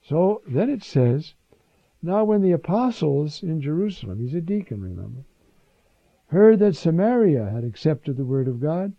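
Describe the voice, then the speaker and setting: A man preaching a sermon in an animated way, full of rhetorical questions and asides. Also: a little high, dry recording. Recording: dull lo-fi recording.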